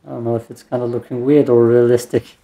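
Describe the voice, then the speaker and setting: A man's voice: medium pitch, flat delivery, fast, warm tone. A man giving casual let's play commentary while gaming, with meandering mumbled asides. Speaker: gaming streamer.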